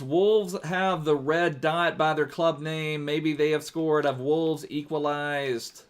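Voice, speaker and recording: Chatty male game streamer, slightly high. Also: level tone, measured pace, few pauses, clear, resonant tone. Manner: chatty, thinking aloud and addressing viewers by name. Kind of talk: live gaming stream commentary.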